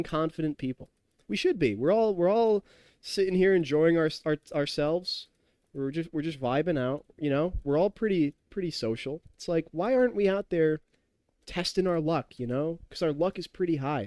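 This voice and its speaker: A young man streams a game while tipsy, chatting loosely, rambling, laughing, telling stories and reading his chat. His voice is on the high side with a darkish tone, recorded dry with clean studio sound.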